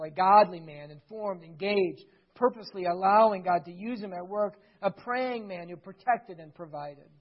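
A male preacher delivers an exhorting sermon, pressing his listeners with rhetorical questions. His voice is husky, and the recording is dull and lo-fi. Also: high voice.

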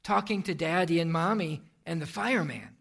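A hushed little boy put on by a male preacher answers quietly, sometimes barely above a whisper. The voice is small and soft with a gravelly grain underneath. It comes from a spoken story within a sermon. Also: a little high, moderate pace, heavily acted. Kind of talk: sermon illustration.

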